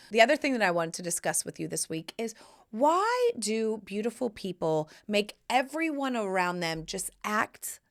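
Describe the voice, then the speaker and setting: An American woman hosts a podcast, telling stories to camera in a chatty, playful manner with sassy asides. Her voice is medium-pitched with a fairly bright tone.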